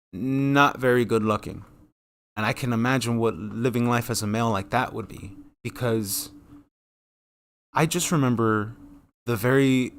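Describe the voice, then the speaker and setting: A man in his thirties talking casually and profanely on his own, rambling and losing his train of thought, and acting out quoted lines in a jumpy, rising voice. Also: creaky. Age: 30s. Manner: acts out quoted dialogue with sudden high jumps in pitch. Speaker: solo talk channel host. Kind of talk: casual monologue.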